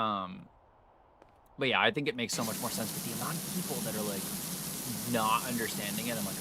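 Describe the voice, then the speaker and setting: Heavy background noise surrounds this American man as he streams a game and chats casually, swearing a lot and working himself up into a rant. His mid-range voice has lively intonation and runs a little fast.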